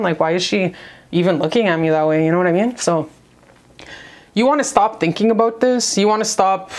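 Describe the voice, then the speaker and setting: A woman talking straight to the viewer in a casual spiritual love reading. She is brash and cheerfully profane, hyping the listener up like a pep talk. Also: mid-range voice. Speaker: tarot reader.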